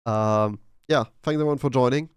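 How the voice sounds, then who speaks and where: A man hosting a casual developer podcast, relaxed and easygoing. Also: mid-range voice, moderate pace, clear, resonant tone, no echo, studio quality. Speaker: podcast host.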